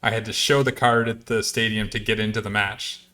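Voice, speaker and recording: A man's voice: on the low side, flat delivery, fairly quick, bright, forceful tone. A man co-hosting a casual podcast, chatty and laughing often as he talks. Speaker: podcast co-host.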